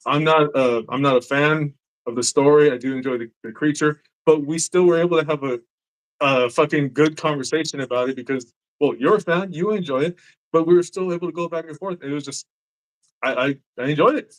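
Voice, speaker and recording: A man hosting a podcast in casual chat, who laughs often, swears freely and acts out his cats' reactions in quick quoted voices. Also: a little high, poor audio. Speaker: podcast host.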